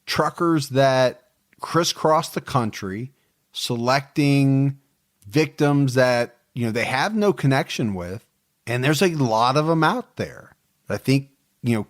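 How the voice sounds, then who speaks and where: A man co-hosting a true crime podcast, chatting casually and teasing his co-host, often laughing. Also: medium pitch.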